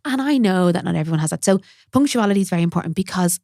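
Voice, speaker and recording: An Irish woman, a makeup artist, chatting as a podcast guest in a quick, self-deprecating way. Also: on the low side, animated, vocal fry, dark tone, dry recording, studio quality. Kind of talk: casual podcast chat.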